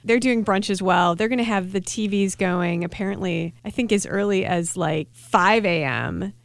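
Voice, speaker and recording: A woman's voice: medium pitch, normal speed, creaky, no room sound. A woman co-hosting a casual radio food chat, wry and chatty, often restarting her sentences. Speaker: co-host, food writer.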